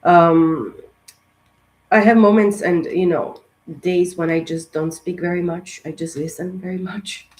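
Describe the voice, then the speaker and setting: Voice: mid-range voice, steady tone, measured pace, poor audio. A tarot reader giving a casual astrology reading to camera, talking in a loose, rambling way with many fillers and restarts, in a voice that has been strained and sensitive lately. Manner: encouraging, direct.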